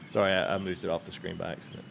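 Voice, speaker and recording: A man's voice: low-pitched, flat delivery, fairly quick, vocal fry, highs cut off, background noise. A man hosting a game livestream, chatting casually, laughing often and quoting his viewers. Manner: laughing, chatty, quotes chat. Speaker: livestream host.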